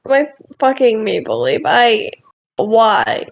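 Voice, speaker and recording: A woman's voice: on the high side, very animated, takes it slowly, vocal fry. A woman, chatting casually on a game stream, exasperated and swearing freely. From Canada.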